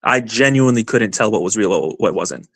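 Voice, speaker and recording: A man's voice: on the low side, lively intonation, brisk, no room sound. A man, a wrestler guest on a podcast, talking passionately over a video call, with lots of fillers. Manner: passionate, rambling with many fillers. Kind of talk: casual podcast chat.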